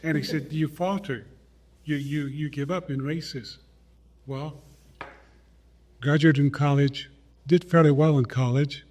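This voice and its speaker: A man's voice: fairly high pitch, steady tone, a little mellow. A man in his eighties from South Dakota, a guest telling his life story at an easy pace and acting out remembered conversations. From South Dakota, USA. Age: 80s. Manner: unhurried, acts out remembered dialogue. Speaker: guest, retired Olympic runner.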